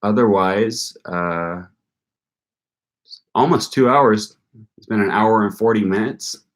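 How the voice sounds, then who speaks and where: A man's voice: fairly low pitch, slow pace. A young man hosting a live-stream Q&A, chatting casually and thinking aloud with frequent ums. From North Carolina. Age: young adult. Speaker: channel host answering viewer questions.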